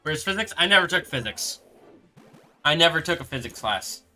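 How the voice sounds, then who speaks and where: A young man with a very bright, forceful voice chats loosely on a live stream, often restarting his sentences as he answers viewers. Soft background music plays behind him. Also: fairly high pitch, animated. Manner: rambling, halting, reads chat aloud and answers. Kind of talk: casual live-stream chat.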